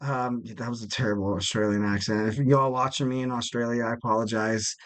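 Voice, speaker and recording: A man's voice: medium pitch, fairly even intonation, brisk. A young man hosting a wrestling podcast in casual solo chat, rambling and joking with plenty of fillers. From West Coast of the United States. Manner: rambling, jokey, lots of fillers.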